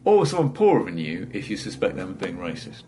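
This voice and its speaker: Rambling comedian with lively low voice. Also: male voice, noisy background. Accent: middle-class English with a South East London tinge. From South East London. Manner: rambling, self-deprecating, halting restarts. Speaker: stand-up comedian guest. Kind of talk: casual podcast chat.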